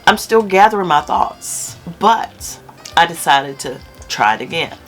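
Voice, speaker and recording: An older woman talking to her viewers in an emotional vlog, swinging between hushed lines and emphatic ones. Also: fairly low pitch, animated, measured pace, soft background music. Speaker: YouTube content creator.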